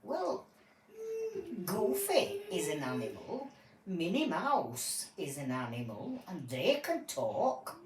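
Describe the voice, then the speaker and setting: A woman playing a patient, kindly judge in a homemade toy court game, explaining things gently. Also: lowish voice, huge pitch swings, takes it slowly, crowd noise, exaggerated voice. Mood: soothing. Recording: echoey room, voice from afar, faint hiss.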